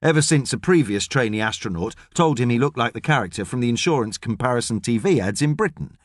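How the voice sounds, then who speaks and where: Expressive man reading an audiobook. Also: mid-range voice, no echo, studio quality. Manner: expressive storytelling. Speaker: audiobook narrator. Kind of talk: scripted narration.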